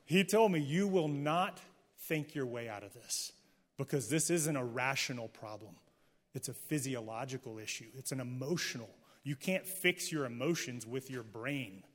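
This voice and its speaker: A man's voice: mid-range voice, big-room sound. A middle-aged man, a pastor, preaching a sermon to a live audience in a candid, conversational way, joking with the listeners. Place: church hall, before a live audience.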